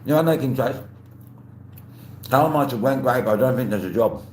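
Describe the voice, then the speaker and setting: A mid-range, slightly mellow voice, expressive and fairly quick, comes from an Australian man hosting a relaxed livestream. He rambles, eats, greets viewers, and answers chat aloud, with a roomy echo and faint hum in the recording.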